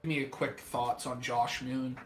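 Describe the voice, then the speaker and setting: A man's voice: mid-range voice, little pitch movement, normal speed, reverberant. A man hosting an interview, asking probing questions in a casual way and hedging with fillers. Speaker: show host and interviewer.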